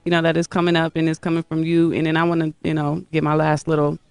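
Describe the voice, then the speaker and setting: A woman hosting a radio show, chatty and quick to laugh, giving lots of "mm-hmm" while her guest talks. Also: deep voice, completely flat delivery, clean tone, no echo. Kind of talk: casual radio interview.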